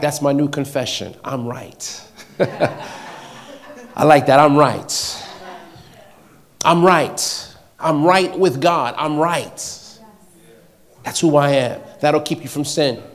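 A man preaching a sermon to a congregation, emphatic and repetitive, swinging between quiet, intimate lines and loud declarations. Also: mid-range voice.

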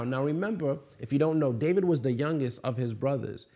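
A male pastor in the middle of a sermon. His voice sits at an ordinary pitch. He drives his points home with repeated questions and sudden emphatic slowdowns. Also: animated, darkish tone. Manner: preaching with rising emphasis and repeated rhetorical questions.

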